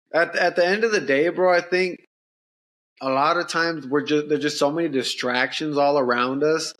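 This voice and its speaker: Passionate man with a fairly high voice. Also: steady tone, moderate pace, a bit bright. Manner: passionate, repetitive restarts, casual slang. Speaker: tattoo artist guest. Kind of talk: casual interview chat.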